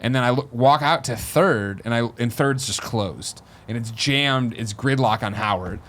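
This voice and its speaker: A man's voice: medium pitch, normal speed, a bit bright. A man in his thirties hosting a podcast, telling a story casually and acting out the voices of the people in it. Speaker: podcast host.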